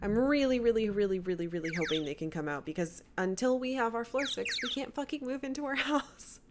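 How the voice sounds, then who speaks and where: A woman's voice: fairly high pitch, lively intonation, fairly quick. A young woman streaming a game, talking casually and swearing freely as she chats. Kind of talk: casual live game commentary. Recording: clear background noise.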